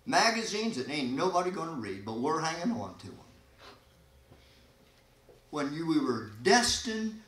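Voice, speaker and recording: A man preaching a sermon as pastor, folksy and animated, with sudden loud emphasis and quiet asides. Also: on the high side, unhurried, long pauses. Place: church sanctuary. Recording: echoey church hall.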